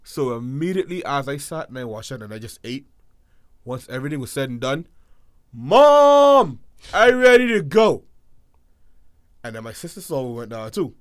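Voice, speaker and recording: A man casually telling a story, acting out quotes and swinging between hushed and loud. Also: medium pitch, fast, dry recording, studio quality.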